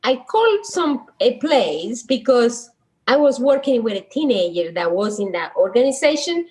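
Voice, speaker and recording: A middle-aged woman from the Dominican Republic speaks with a Dominican Spanish accent. Her voice sits high and swings widely as she tells stories. She often stops to search for an English word and laughs easily. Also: very animated, moderate pace, a little mellow, low-quality recording. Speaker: guest, social worker. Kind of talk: casual conversational storytelling.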